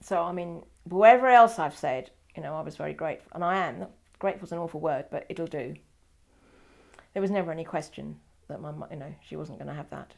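Older woman, low gravelly voice. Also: fairly quick. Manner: wry, digressive storytelling with self-corrections. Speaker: interviewee. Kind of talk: oral history interview.

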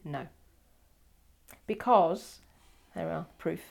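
A woman's voice: lowish voice, takes it slowly, creaky, darkish tone. An older woman telling her life story in an oral history interview, wry and digressive, often correcting herself mid-sentence.

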